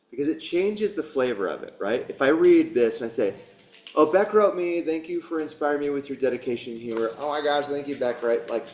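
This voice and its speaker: Guiding a group through yoga teacher training in a warm studio room, a man speaks with a medium-pitched, darkish voice. His casual class talk is chatty and full of jokes and encouragement for his students, and the room sounds echoey.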